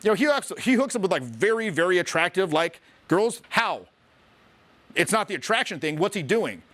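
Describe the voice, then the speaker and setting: Man, social skills coach, high voice, bright, profane animated storytelling. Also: moderate pace. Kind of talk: casual explaining to camera.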